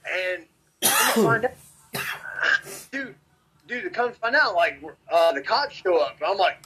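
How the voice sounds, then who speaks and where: A man from Memphis, telling a story as a podcast guest in a rambling, animated way and swearing constantly. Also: high voice, measured pace, long pauses, breathy edge, rough recording. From Memphis, Tennessee. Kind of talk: casual storytelling.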